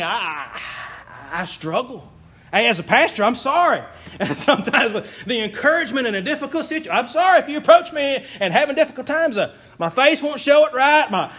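A man's voice: high voice, a bit bright. A young man preaching a sermon as a pastor, folksy, earnest and self-deprecating.

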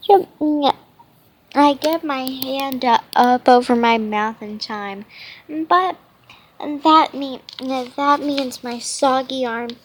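A woman reading a children's storybook aloud, halting often and restarting her words. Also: high-pitched. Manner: halting, with frequent restarts and stumbles. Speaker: children's book reader.

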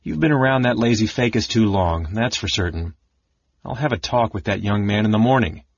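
A man's voice: fairly low pitch, animated, fairly quick, husky, no echo, dull audio. A man doing a stern scolding mage. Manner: clipped, scolding. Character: stern red-robed mage, condescending.

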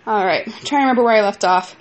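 Frustrated, a young vlogger races through a rambling story about a fight at home, with asides directed at her kids. Her voice sits at a medium pitch.

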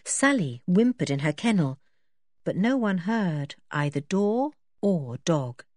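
A woman's voice: fairly low pitch, sing-song, takes it slowly, darkish tone, no echo. A woman narrating a children's storybook expressively and switching into voices for the characters. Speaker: audiobook reader.

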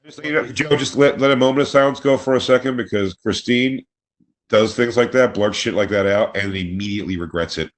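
Male co-host, mid-pitched, teasing, loose comedic banter. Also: a little fast. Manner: teasing, mocking impressions of friends. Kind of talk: casual banter.

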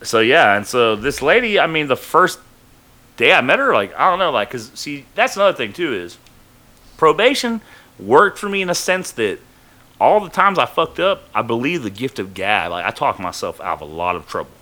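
A man's voice: medium pitch, big pitch swings, normal speed, sharp tone. A man casually telling a rambling, profane story from his own life on a podcast, full of fillers.

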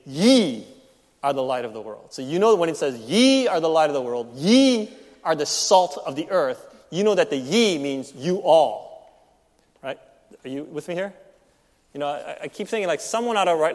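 A man delivers a sermon in a slightly raised voice with a very animated, swooping pitch. He teaches conversationally, punching key words with emphatic rises. The sound carries the long reverb of a large hall. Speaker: pastor.

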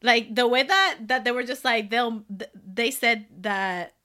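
A woman with a bright, sharp tone and a somewhat high voice, chatting casually. Her talk is hyped and slangy, with frequent laughs. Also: a little slow. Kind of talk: casual chat reacting to music.

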